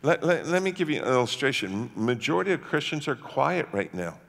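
Man from Canada, pastor, emphatic sermon, bright forceful voice, long church-hall reverb. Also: mid-range voice, very animated, a little fast, gravelly. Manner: emphatic preaching, swinging from hushed to shouting. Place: church sanctuary.

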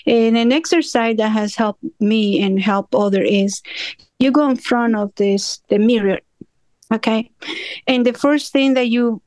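Slow, earnest, high-voiced woman on a call. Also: darkish tone, no echo. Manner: slow, earnest, with small grammar slips. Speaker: study group participant. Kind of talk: earnest personal testimony. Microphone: remote call audio.

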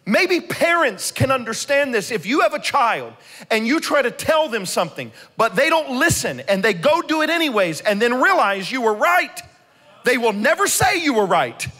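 A male pastor preaches in a high, bright voice, animated and storytelling as he leads his congregation in call-and-response. His voice carries a long reverb through the church sanctuary. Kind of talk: sermon.

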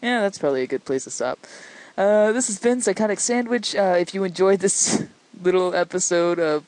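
A woman giving excitable let's-play commentary into a desk microphone, yelling and laughing at the game as she plays. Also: mid-range voice, normal speed, no echo, rough recording. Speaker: gameplay commentator.

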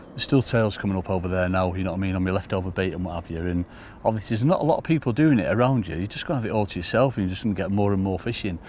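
A man giving excitable, casual commentary to viewers while fishing by a lake. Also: deep voice, a little hiss or hum. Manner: chatty, excitable, talks to viewers as folks. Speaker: angler demonstrating fishing. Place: outdoors by a lake.

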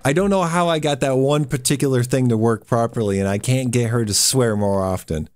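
A man's voice: medium pitch, brisk, darkish tone. A man streaming a horror game, giving laid-back casual commentary and chuckling often.

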